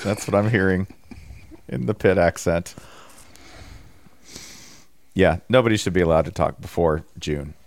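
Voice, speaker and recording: A man's voice: sits low, measured pace, pauses often, no echo. A man co-hosting a casual sports podcast, joking and laughing often. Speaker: podcast co-host. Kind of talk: casual chat.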